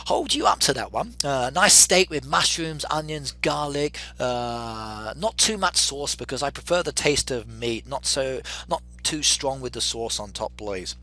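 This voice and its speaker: A man's voice: mid-range voice, lively intonation, a little slow, hardly any pauses, bright, forceful tone. A man in his thirties, chatting casually on a live game stream, reading viewer comments aloud and joking with them. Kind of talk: live-stream chat while playing.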